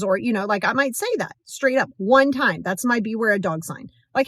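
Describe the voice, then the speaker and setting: Lively, direct woman giving motivational advice. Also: on the high side, brisk, few pauses, dry recording, clean studio sound. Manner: direct, emphatic, acts out quoted voices. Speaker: podcast host. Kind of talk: motivational podcast talk.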